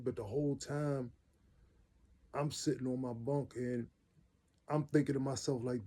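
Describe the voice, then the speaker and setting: A man tells his own story in loose, everyday speech. His voice is mellow and dark, set at an ordinary middle pitch. He talks earnestly and leans on repeated phrases for weight. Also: steady tone, a little slow, pauses often. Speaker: vlogger telling his own life story. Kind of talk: casual personal storytelling.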